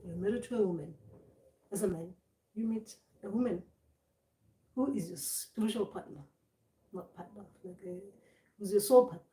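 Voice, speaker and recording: Speaking at normal speed with long pauses, a woman with a warm, medium-pitched voice is recorded far from the mic in an echoey room. She's a spiritual teacher whose informal talk rambles, with repeated and restarted words and acted-out voices.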